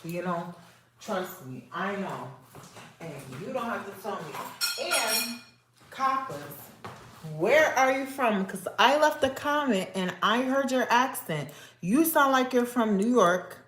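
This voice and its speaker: Slow-talking woman chatting on a livestream. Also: mid-range voice. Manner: slow, repetitive, confiding and nosy. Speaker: livestream host. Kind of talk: casual livestream chat with viewers. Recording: echoey room with faint noise.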